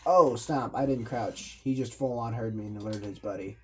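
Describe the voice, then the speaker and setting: While playing a video game, a male gaming commentator gives loose, slangy commentary and explains what he's doing. His voice is medium-pitched with a darkish tone, his pace is moderate, and faint music plays behind him.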